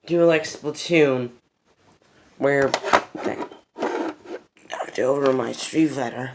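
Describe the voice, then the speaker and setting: Unhurried, rambling game vlogger; excitable, loses the thread, restarts, mid-pitched voice. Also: heavy background noise. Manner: rambling and excitable, repeats "freaking epic". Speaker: gaming video host. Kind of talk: casual game recommendations.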